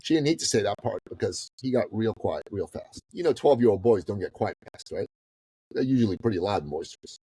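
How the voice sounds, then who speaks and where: A man in his fifties from the Middle East, a business coach telling a story as a podcast guest in a casual, animated way that swings between loud and hushed. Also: lowish voice, fairly quick, breathy edge, no room sound, poor audio. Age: 50s.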